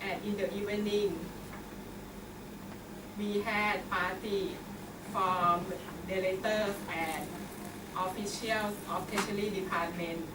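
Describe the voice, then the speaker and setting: A woman giving a short, halting club speech, repeating words. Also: mid-range voice, fairly even intonation. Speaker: club speaker. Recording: distant echoey room with loud noise.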